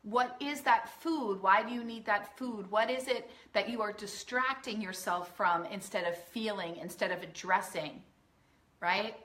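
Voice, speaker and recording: A woman's voice: medium pitch, unhurried, fairly bright tone, reverberant. A woman weight-loss coach speaking to a live online audience in an earnest, emphatic way, often acting out the voices in people's heads. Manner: earnest, emphatic, acts out quoted inner voices. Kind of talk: live-streamed coaching talk.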